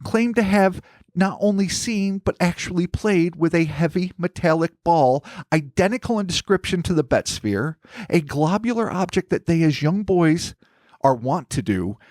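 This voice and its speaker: A man's voice: high voice, animated, moderate pace, a little mellow, no room sound, studio quality. A man hosting a podcast, reading a scripted mystery story with wry, theatrical flourishes. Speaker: podcast host. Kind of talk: scripted narration with banter.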